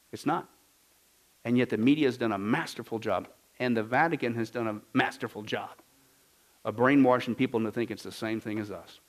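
A man preaching a sermon with emphatic swings between loud declarations and quiet asides, often throwing rhetorical questions to the congregation. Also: mid-range voice. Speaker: pastor.

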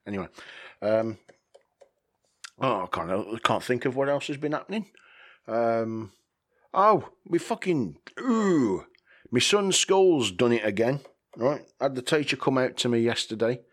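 A man's voice: mid-range voice, lively intonation, moderate pace. A man hosting a podcast, rambling casually, swearing freely and chuckling often. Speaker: podcast host.

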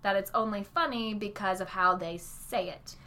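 A woman's voice: medium pitch, normal speed, bright, forceful tone. A woman co-hosting a library podcast in a casual, playful chat; she likes doing funny voices.

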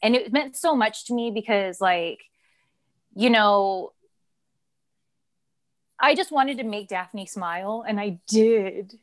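A woman's voice: medium pitch, slow, long pauses. A woman in her thirties, a former wrestler co-hosting a live stream, talking in a rambling, chatty way with frequent laughs and swearing. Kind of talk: casual live-stream chat.

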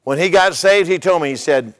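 A man's voice: a little high, a little fast, big-room sound. An older man, a pastor, preaching a sermon in a conversational way, repeating his words and telling humorous stories.

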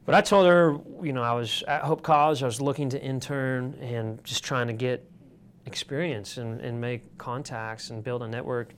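A man's voice: mid-range voice, steady tone, moderate pace, clear, resonant tone. A man from Michigan telling stories as an interview guest, rambling with fillers and restarts. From Michigan, USA. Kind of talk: casual storytelling.

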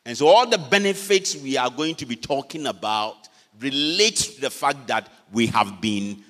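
An older man with a Ghanaian accent preaching a sermon, swinging from loud peaks down to low, quiet phrase endings. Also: lively intonation. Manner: preaching slowly with dramatic pitch swings, switching between English and Fante. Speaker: pastor. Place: church hall. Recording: long reverb of a church hall.

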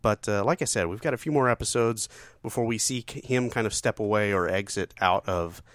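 A man's voice: fairly low pitch, fairly quick, a bit bright, dry recording, clean studio sound. A man co-hosting a podcast, jokey and reading out trivia in casual chat. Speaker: podcast co-host.

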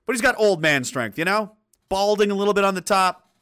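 A man's voice: high-pitched, animated, fairly quick, fairly bright tone, clear, resonant tone. A man hosting a casual chat, rambling, swearing and laughing as he talks. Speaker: host.

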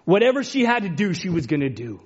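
A high-pitched male preacher delivers an impassioned sermon, sinking to hushed, tender passages and climbing to ringing cries. The recording sounds dull and lo-fi, muffled at the top end. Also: very animated, fast, slightly rough. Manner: impassioned, swings between hushed and rising cries. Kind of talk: emotional sermon retelling a story.

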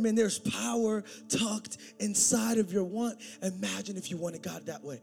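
A man preaching a sermon, swinging from loud, excited preaching to quiet, intense talk. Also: sits high, unhurried, vocal fry, hardly any pauses, soft background music.

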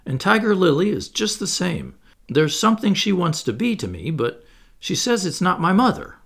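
A man's voice: medium pitch, huge pitch swings, normal speed, breathy edge, exaggerated voice. A man reading aloud and voicing a boyish young boy who sounds anxious and puzzled.

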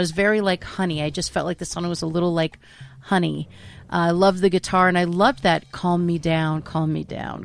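A woman's voice: fairly low pitch, vocal fry. A woman co-hosting a music show in casual chat, effusive and piling up describing words. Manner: effusive, piles up adjectives.

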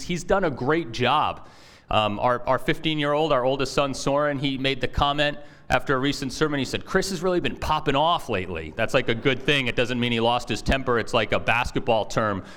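Pastor, male: casual, chatty sermon delivery, soft and slow when he prays. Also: medium pitch. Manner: conversational, with fillers and restarts; hushed and slow in prayer.

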